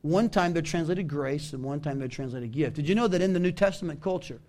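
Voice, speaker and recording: A man with a Southern US accent preaching a sermon as pastor, animated and emphatic, calling on the congregation to respond. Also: a little high, brisk. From American South.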